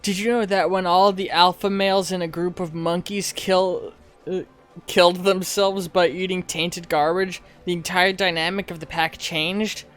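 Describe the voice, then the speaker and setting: An earnest, bookish young man shares facts in an eager, lecturing way, as a man reads him. The voice is a bit high for a man. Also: little pitch movement, normal speed, fairly bright tone, smooth, faint music behind.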